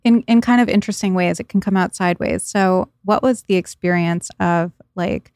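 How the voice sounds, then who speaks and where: A woman hosting a podcast, asking thoughtful questions and giving soft affirmations. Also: medium pitch, moderate pace, clear, resonant tone, dry recording, clean studio sound. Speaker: podcast host. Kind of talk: interview conversation.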